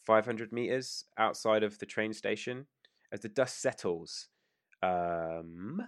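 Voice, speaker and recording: Man as game master, low voice, dry close sound, casual narration. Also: clean tone, no echo. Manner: casual, with fillers and quick rulings.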